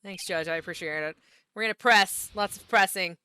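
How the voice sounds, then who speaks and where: A woman's voice: mid-range voice, brisk, bright, forceful tone, clean tone. A woman with a Southern US accent, chatting casually with laughing asides while streaming a game.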